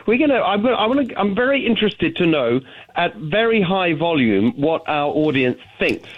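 A man with a British accent, calling in as a guest on a talk radio show, talking in an animated way and often restarting his sentences. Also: fairly high pitch, normal speed. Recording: phone-line call-in audio.

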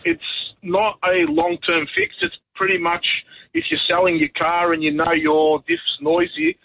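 Male caller, easygoing and matey. Husky, slightly high voice over a tinny phone line. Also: very animated, unhurried, dry recording.

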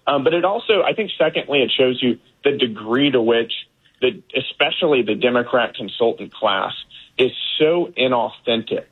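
A man's voice: mid-range voice, expressive, moderate pace, breathy edge. A man from Texas, a political guest giving emphatic commentary with many fillers and restarts. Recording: tinny phone-line audio.

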